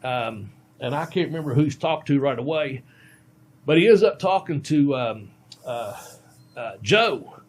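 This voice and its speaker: A man's voice: mid-range voice, expressive, measured pace. A middle-aged man, a veteran pro wrestler, telling a long casual podcast story with many ums and restarts.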